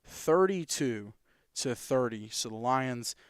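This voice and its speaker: A man's voice: medium pitch, animated, clean tone, no echo, studio quality. Man rattling off football scores. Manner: reads scores quickly, with fillers and self-corrections. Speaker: sports show host. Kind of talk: scores rundown, casual.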